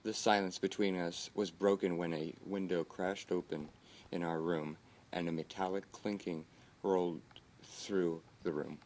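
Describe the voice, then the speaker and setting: A man giving measured, scripted narration of a story. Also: low voice, fairly even intonation, a little mellow, slight background noise.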